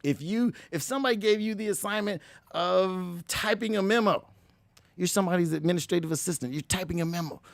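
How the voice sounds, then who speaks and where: A man hosting a motivational talk, energetic and preachy, who keeps addressing listeners as ladies and gentlemen. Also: high-pitched, brisk, creaky, no echo. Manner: energetic, preachy, slips into mock voices. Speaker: motivational show host.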